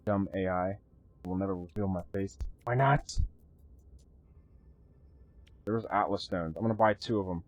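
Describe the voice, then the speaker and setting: Chatty, lower-voiced male game streamer. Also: measured pace, long pauses, no room sound, highs cut off, soft background music. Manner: chatty, excitable, swears casually, thanks viewers. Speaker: live-streaming gamer. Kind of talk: live gameplay commentary.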